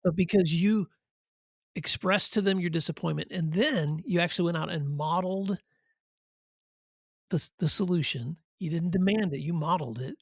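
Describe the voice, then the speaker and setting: Middle-aged podcast host guy, husky voice, dry close sound, thoughtful and encouraging. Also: a little high, moderate pace, dry recording. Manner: thoughtful, encouraging, builds points in lists. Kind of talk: interview questions and reflection.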